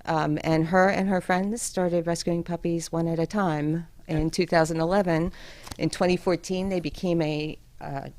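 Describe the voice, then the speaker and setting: Woman, low voice, interview guest, earnest, grateful. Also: steady tone, normal speed, a little mellow. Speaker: rescue volunteer guest. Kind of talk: interview answers.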